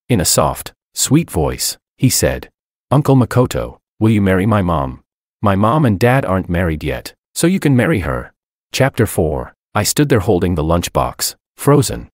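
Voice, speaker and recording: A man reading a first-person story aloud in an expressive, reflective way. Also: sits low, dry recording, studio quality. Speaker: narrator. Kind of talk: first-person audiobook narration.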